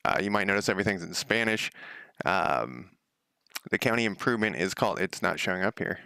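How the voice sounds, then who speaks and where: A man's voice: sits low, expressive, a little fast, gravelly, bright, forceful tone, clean tone, no room sound, clean studio sound. A man streaming himself working on a game at home, thinking aloud in a casual, rambling way and often correcting himself. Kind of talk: casual live-coding commentary.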